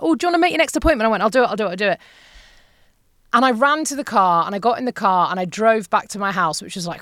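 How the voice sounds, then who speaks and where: A middle-aged woman, an interview guest, telling a painful personal story in a halting, emotional way with many repeated phrases. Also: on the low side, fairly bright tone, no room sound, clean studio sound.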